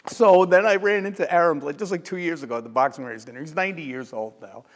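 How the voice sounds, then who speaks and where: An older man, a retired sports journalist telling lively stories in an interview, often laughing. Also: fairly high pitch, fast, in a large hall. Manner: lively anecdotal storyteller who laughs and acts out quotes. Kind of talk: storytelling in a sit-down interview.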